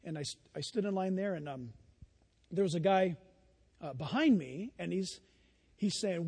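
High-voiced male pastor preaching. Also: expressive, normal speed, gravelly, long pauses, a little mellow, slightly rough, long reverb tail. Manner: conversational storytelling, rhetorical questions to the congregation. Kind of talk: sermon.

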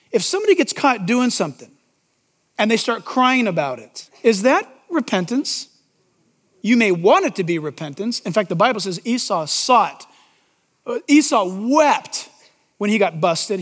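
A man's voice: very high-pitched, a bit bright. A man pastor delivering an emphatic sermon to a congregation, asking rhetorical questions.

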